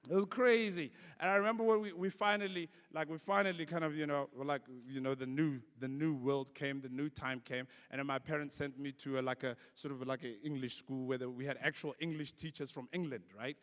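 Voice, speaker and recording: A young South African man doing animated stand-up comedy, telling stories and acting out other people's voices. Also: on the high side, brisk, few pauses. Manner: animated storytelling that acts out voices. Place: large conference hall. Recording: long hall reverb.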